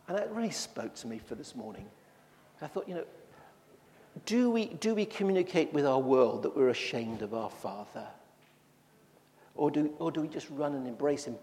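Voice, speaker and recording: A man's voice: fairly high pitch, expressive, fairly quick, in a large hall. A man preaching a sermon in a church, talking in a conversational way with frequent restarts.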